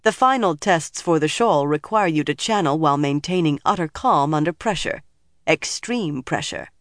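A woman's voice: deep voice, lively intonation, normal speed, no echo. A narrator voicing a stern, commanding older woman leader with a hard, dry manner, in a dry studio audiobook reading. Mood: measured.

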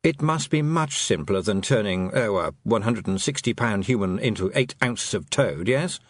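Nervous talking toad, rambling, a touch husky, read by a man. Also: fairly low pitch, expressive, moderate pace, no echo. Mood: fretful. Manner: rambling, fretful, musing. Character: anxious talking toad, once maybe human.

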